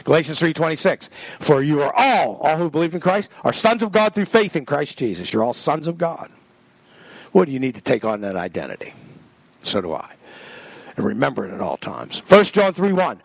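Gravelly-voiced man teaching Scripture. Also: a little high, big pitch swings, moderate pace, no room sound. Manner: reads verses aloud, explains Greek words, emphatic swings of voice. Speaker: Bible teacher. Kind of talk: Bible study sermon.

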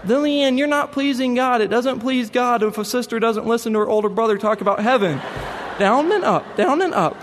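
A man doing a high preachy little boy. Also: fairly quick, in a large hall, slight background noise. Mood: exasperated. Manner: high, insistent, scolding. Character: earnest preachy four-year-old boy.

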